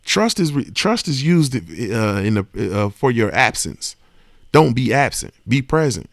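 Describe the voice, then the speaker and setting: A man's voice: medium pitch, very animated, unhurried, no room sound, clean studio sound. A man hosting a podcast in a casual, emphatic monologue, swearing freely and often checking that the listener understands. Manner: emphatic, profane, keeps asking "you understand what I'm saying". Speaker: podcast host.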